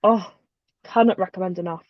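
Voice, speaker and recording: A woman's voice: fairly low pitch, fairly even intonation, fairly quick, dry recording, lo-fi sound. A British woman hosting a casual livestream chat, rambling and chatty with frequent ums. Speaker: host.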